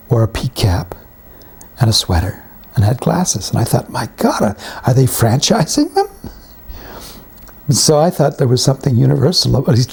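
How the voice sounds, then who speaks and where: A man's voice: mid-range voice, gravelly, a little mellow, slightly rough. A man, telling wry anecdotes about his career in an interview. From Canada. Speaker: veteran actor and writer being interviewed. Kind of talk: reminiscing interview.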